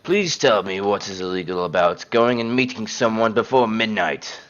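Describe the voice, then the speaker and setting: A man's voice: lowish voice, normal speed, fairly bright tone, highs cut off. A man playing a tabletop game, blunt and sarcastic, swearing now and then. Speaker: player. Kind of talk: casual tabletop game chat.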